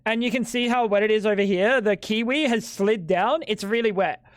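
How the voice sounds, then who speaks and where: A man's voice: sits high, normal speed, dry recording, clean studio sound. A young man streaming live at home, bantering with chat in a crude, joking way. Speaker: livestreamer.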